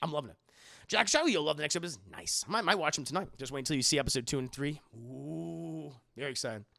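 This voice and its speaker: Animated, swearing male streamer. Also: a little high, fast, creaky, no room sound, studio quality. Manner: profane, animated, talks to chat. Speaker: streamer, show reviewer. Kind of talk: casual live-stream recap.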